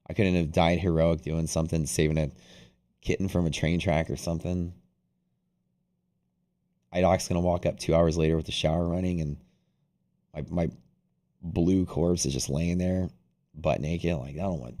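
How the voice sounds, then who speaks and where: A man's voice: low voice, fairly even intonation, moderate pace, long pauses, mellow. A man hosting a live trading stream, chatting casually in a rambling, profane way with lots of restarts. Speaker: day trading livestream host. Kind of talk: casual livestream chat.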